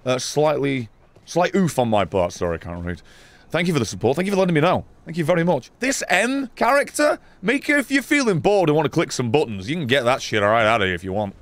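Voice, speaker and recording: A man giving excitable, profane, laugh-filled commentary while playing a video game. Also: medium pitch, quick pace, no room sound. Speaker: gaming YouTuber. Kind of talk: let's play commentary.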